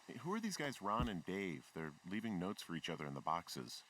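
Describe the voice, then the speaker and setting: A man's voice: deep voice, huge pitch swings, fairly quick, fairly bright tone, a little hiss or hum, full character voice. An actor playing a curious male fire lookout reporting over a radio. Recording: distant with faint outdoor ambience.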